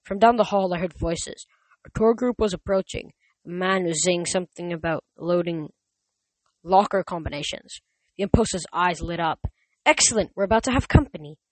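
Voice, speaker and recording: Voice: medium pitch, fairly even intonation, moderate pace, dry recording. A reader giving a casual amateur audiobook narration, reading plainly, with stumbles and self-corrections.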